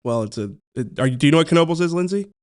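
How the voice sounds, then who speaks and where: A man's voice: fairly high pitch, expressive, racing. A man co-hosting a sports podcast in casual chat. He is playful and teasing and laughs often. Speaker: podcast co-host.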